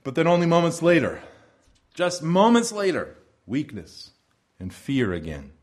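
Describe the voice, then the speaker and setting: A pastor preaching a sermon expressively, moving between soft hushed lines and loud proclamations. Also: male voice, fairly high pitch, wildly swooping pitch, measured pace.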